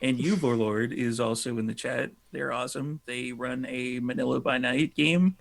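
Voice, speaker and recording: A man with a gravelly, rough-edged voice hosts a tabletop game as game master. He chats in a loose, relaxed way and swears casually between announcements. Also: mid-range voice, moderate pace. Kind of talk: casual live-stream chat.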